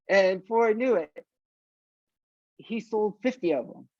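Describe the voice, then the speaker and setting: At a measured pace with frequent pauses, an older punk singer from South Florida, voice sitting high, tells stories in a casual interview and animatedly acts out everyone's voices. The recording is lo-fi with no echo.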